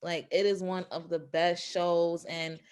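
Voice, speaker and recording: A woman from New York interviewing a guest, chatty and quick to laugh. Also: on the low side, level tone, a little mellow, clean tone. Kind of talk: casual interview chat.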